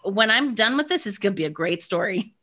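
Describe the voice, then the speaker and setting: Podcast host lady, bright clear voice, upbeat chatty. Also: medium pitch, expressive, a little fast. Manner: upbeat, shares own stories. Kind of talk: conversational interview.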